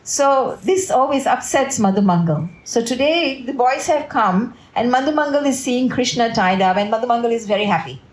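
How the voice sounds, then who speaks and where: Woman devotional speaker, warm storytelling, checks in with listeners, roomy echo. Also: on the high side, animated, moderate pace, few pauses. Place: family home.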